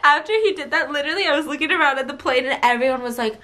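A young woman telling a travel story in a casual vlog, chatty and animated, with lots of "like", filmed in a hotel room on a handheld camera. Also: high voice, rapid-fire, noisy background. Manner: chatty, animated, giggly, heavy use of "like". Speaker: travel vlogger. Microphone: handheld camera held by partner.

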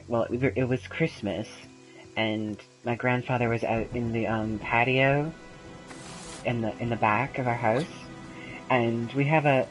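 With a mid-range voice on a rough recording, a young gaming channel host chats loosely over gameplay. The stories wander, studded with ums and abrupt bursts of laughter.

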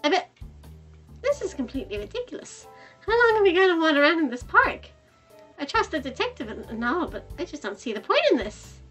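A woman's voice: high voice, sing-song, brisk, a bit bright, faint music behind, voice pushed up. A woman voicing a doubtful, easily flustered young female cop. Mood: skeptical.

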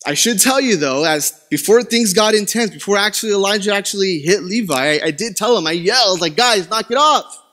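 A young man preaching a sermon as pastor, telling a lively family story with self-deprecating humor and dramatic emphasis. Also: brisk, hardly any pauses. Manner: dramatic pitch swings for emphasis.

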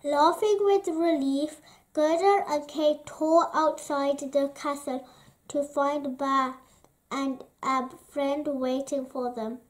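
Woman reading a children's story aloud, gentle and expressive, high voice, very slow. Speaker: storybook reader.

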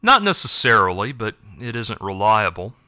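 A man playing a cold, harsh cat elder who gives orders without warmth. The storybook voice is crisp and bright, with a dry close sound. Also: fairly low pitch, very animated, moderate pace, dry recording, exaggerated voice. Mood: stern. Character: stern cold old male cat elder.

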